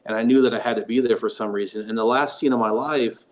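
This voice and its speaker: Halting man telling his story. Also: medium pitch, fairly even intonation, a little hiss or hum. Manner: halting, with frequent ums and restarts. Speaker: guest paranormal investigator. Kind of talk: personal storytelling in an interview.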